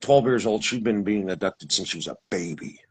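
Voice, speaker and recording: A man with a husky voice, telling his experience in a casual, rambling way, with restarts and acted-out quotes. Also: lowish voice, lively intonation, a little fast, low-quality recording. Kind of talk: casual storytelling.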